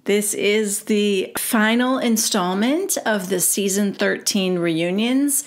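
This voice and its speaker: A woman's voice: medium pitch, takes it slowly, slight background noise. A woman hosting her own recap show, chatting casually and retelling reality TV gossip by quoting the cast in her own voice.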